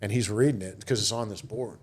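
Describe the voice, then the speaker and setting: Casting: middle-aged man with a low voice, loose storytelling and lots of quoted dialogue. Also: a little fast, husky. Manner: rambling anecdotes with quoted voices. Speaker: guest, retired Marine officer. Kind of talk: casual storytelling interview.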